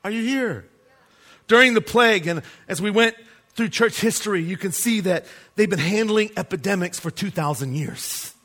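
A man's voice: high voice, normal speed, fairly bright tone. A man preaching a sermon as pastor, emphatic and asking the congregation rhetorical questions.

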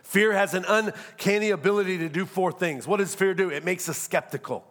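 A pastor, preaching a sermon with humor and acted-out asides. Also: male voice, high voice, a little fast, fairly bright tone.

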